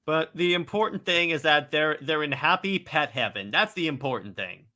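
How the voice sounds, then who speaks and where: A man hosting a casual podcast chat, brisk and teasing, often stumbling into restarts. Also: a little high, expressive, sharp tone. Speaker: host.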